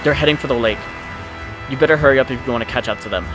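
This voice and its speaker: A man voicing a brisk, loyal sidekick. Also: medium pitch, a bit bright, soft background music, natural voice, poor audio.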